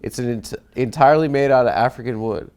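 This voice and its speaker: A man's voice: mid-range voice, quick pace, darkish tone, pitched below the performer's own voice, natural voice. A man with a cold reading the part of a proud young man handing over a family heirloom. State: has a cold. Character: young man, proud brother with a magic surfboard.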